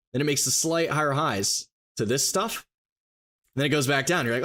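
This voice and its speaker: A man teaching trading live, walking through charts and rapidly acting out a confused trader's thoughts. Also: medium pitch, fairly bright tone. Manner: rapid, emphatic explaining with mock inner voices. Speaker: trading educator. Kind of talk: live stream chart walkthrough.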